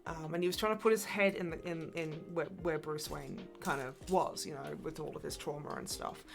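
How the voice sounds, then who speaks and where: A woman's voice: deep voice, steady tone, brisk, creaky, over music. A woman hosting a casual livestream, rambling and swearing freely as she chats and laughs often. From Polish family. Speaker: livestream host.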